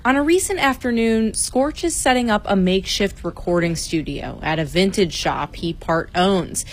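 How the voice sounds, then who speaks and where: A woman radio reporter with a mid-pitched voice, narrating a news feature from a script. She sounds measured and clear. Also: lively intonation, a little hiss or hum.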